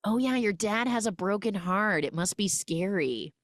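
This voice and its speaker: Woman voicing a gentle big purple creature. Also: mid-range voice, lively intonation, moderate pace, no room sound, clean studio sound, close to an everyday voice.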